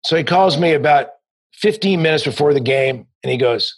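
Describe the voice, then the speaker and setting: A man with a husky, slightly rough voice, recorded dry and close. He tells a long anecdote as a sports agent in an interview, slipping into the voices of himself and his client on the phone. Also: on the high side, animated, moderate pace, no room sound. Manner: anecdotal, acts out both sides of phone calls. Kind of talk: interview storytelling.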